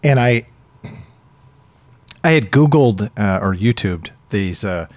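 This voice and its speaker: A male podcast host chats casually and playfully, reading short quotes aloud as he goes. His pitch moves in a lively way, and the sound is dry and close, with no room echo. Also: slow pace. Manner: chatty, reads quotes aloud, playful asides.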